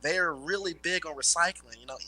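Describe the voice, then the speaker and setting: A man's voice: a little high, fairly quick, pushed and bright, soft background music, rough recording. A man with a rural Midwestern country twang, rambling through stories in casual chat and swearing freely. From Illinois/Indiana area. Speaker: guest, former garbage man.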